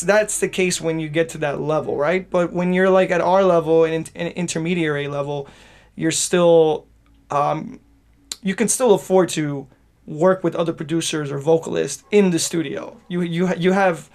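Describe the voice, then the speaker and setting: A man's voice: a little high, normal speed, a little mellow. A man co-hosting a podcast, talking in a rambling casual way with lots of restarts and "right?" tags. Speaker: podcast co-host, DJ producer. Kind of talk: casual chat.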